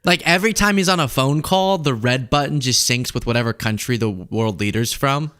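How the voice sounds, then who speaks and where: A man's voice: medium pitch, a little fast, a bit bright, clear, resonant tone. A man hosting a political commentary show, talking casually and sarcastically and laughing often.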